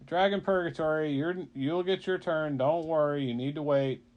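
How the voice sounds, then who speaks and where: A man voicing a polite, officious clerk who seats dragons in purgatory, speaking briskly and formally. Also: fairly high pitch, steady tone, muffled recording, pitched above the performer's own voice, lightly acted.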